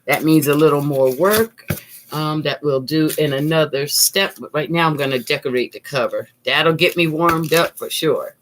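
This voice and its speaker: A woman's voice: deep voice, steady tone, normal speed, slight background noise. A middle-aged woman, hosting a live craft tutorial and chatting with viewers in an upbeat way as she works at her desk. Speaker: art teacher, channel host. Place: home craft desk, indoors.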